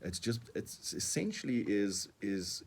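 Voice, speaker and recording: A man's voice: on the low side, very animated, measured pace, creaky, husky. A middle-aged man with a South African accent, speaking earnestly as a coaching guest on a radio talk show, often repeating words as he explains. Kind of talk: radio interview.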